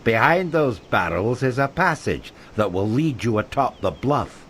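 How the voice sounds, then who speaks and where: An actor playing a mysterious male guide in a video game, calm and instructive in tone. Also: medium pitch, unhurried, a little hiss or hum.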